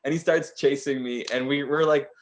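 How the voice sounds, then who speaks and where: A male podcast co-host tells a story in a loose, chatty way, with an ordinary middle-pitched voice. He is animated and keeps breaking into laughter as the story goes on. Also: moderate pace, a little hiss or hum. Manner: animated, laughs often while telling a story. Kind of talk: casual chat storytelling.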